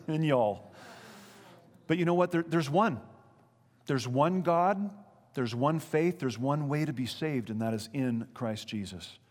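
A man's voice: on the high side, unhurried, a little mellow. A man preaching a sermon as pastor, earnest and conversational, full of rhetorical questions. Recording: long hall reverb.

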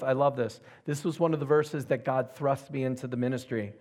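A man's voice: mid-range voice, fairly even intonation, a little fast, hardly any pauses, a little mellow. Emphatic male pastor preaching. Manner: emphatic, asks the audience questions. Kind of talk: sermon.

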